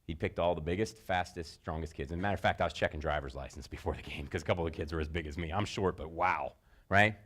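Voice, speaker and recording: A middle-aged man giving a motivational talk to sports parents, telling stories and jumping into high shouted voices for quotes. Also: fast. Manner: animated storyteller, jumps into high-pitched shouted voices for quotes. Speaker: speaker.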